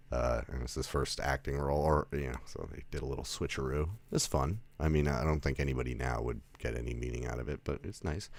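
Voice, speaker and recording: A man's voice: very deep voice, a little mellow, no room sound. A man giving a casual movie review, rambling with lots of fillers, restarts and chuckling asides. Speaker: film reviewer.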